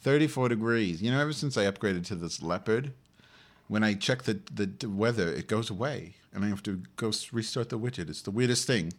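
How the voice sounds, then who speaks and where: A man's voice: lowish voice, fairly quick. A man hosting a crude, rambling live-stream from home, swearing at his viewers and muttering asides as he makes tea. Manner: profane, sarcastic, mock-insulting to viewers. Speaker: live webcam show host. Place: home, indoors. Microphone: computer microphone.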